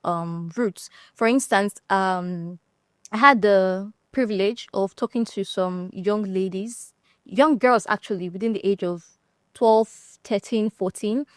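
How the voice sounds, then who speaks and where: A woman from Nigeria on a discussion panel, telling stories in an animated way and laughing often. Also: mid-range voice, slow, no echo, clean studio sound.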